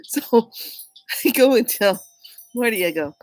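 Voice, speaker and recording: A woman telling a personal story in a casual, animated way, often laughing and acting out what people said. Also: fairly high pitch, a little slow, a little hiss or hum, poor audio. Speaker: vlogger.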